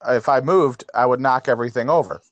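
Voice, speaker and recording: Close and dry, this male co-host talks in loose, rambling bursts. He pokes fun at himself and laughs often. His voice sits at an ordinary pitch for a man. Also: brisk, no room sound, highs cut off. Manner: rambling, self-deprecating, laughs easily. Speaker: podcast co-host. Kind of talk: casual chat.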